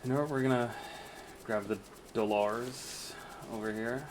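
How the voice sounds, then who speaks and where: Brief: male streamer, crude joker, unhurried delivery, noisy background hum. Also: medium pitch, steady tone. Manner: crude, teasing, laughs often. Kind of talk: casual chat while gaming.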